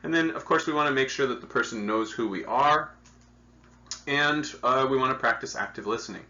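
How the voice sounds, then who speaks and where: A man's voice: mid-range voice, fairly quick, bright, forceful tone, highs cut off. A man teaching hospital staff in an earnest, explanatory lecture, often repeating himself as he works through each point. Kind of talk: instructional training lecture.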